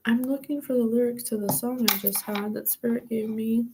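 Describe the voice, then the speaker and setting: A woman psychic host talking casually and warmly to her followers, rambling and laughing often. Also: a little high, steady tone, moderate pace, few pauses, a little hiss or hum, low-quality recording. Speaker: psychic reader and podcast host. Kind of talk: casual spiritual talk to camera.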